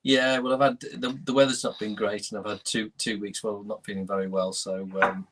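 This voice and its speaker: A man appearing as a podcast guest, chatting in a relaxed, self-deprecating way. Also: lowish voice, a little fast, background noise. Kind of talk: casual chat.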